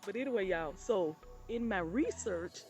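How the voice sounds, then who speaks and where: A woman's voice: medium pitch, lively intonation, moderate pace, darkish tone, soft background music. A woman vlogger telling stories in a casual, chatty way, often calling her listeners "honey" and playing up quoted exclamations. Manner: acts out quoted exclamations with laughter. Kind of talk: casual storytelling.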